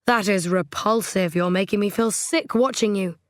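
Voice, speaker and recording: A woman's voice: medium pitch, normal speed, no room sound, studio quality, lightly acted. A woman voicing a fussy, petulant middle-aged widower in an audiobook, whining and aggrieved. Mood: disgusted. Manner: whiny, indignant, aggrieved. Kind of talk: audiobook character voice.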